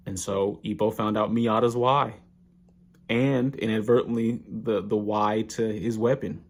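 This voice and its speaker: A man casually recapping an anime episode, telling it with animated slang. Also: on the low side, measured pace.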